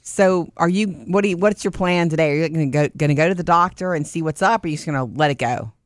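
A woman's voice: low voice, fast talker, dry recording, studio quality. A woman in casual chat who tells stories and acts out what people said. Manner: chatty storyteller, acts out quotes.

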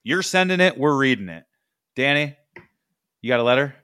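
A man's voice: medium pitch, expressive, normal speed, sharp tone, a little hiss or hum. A man hosting a comedy sports podcast, steering the show in a laid-back, wry manner. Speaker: podcast host.

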